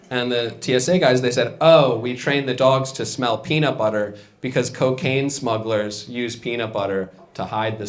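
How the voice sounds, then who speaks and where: A young man doing a stand-up set on a club stage, deadpan, with mumbled asides and loud punchlines. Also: medium pitch. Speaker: stand-up comedian. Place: comedy club stage with a live audience. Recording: laughing crowd in a room.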